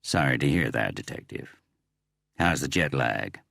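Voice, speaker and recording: A man's voice: a bass voice, animated, a little slow, no echo, studio quality, pitched below the performer's own voice, heavily acted. A man voicing a blunt, assertive woman homicide inspector with an American accent. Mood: brisk. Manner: blunt, loud and clear.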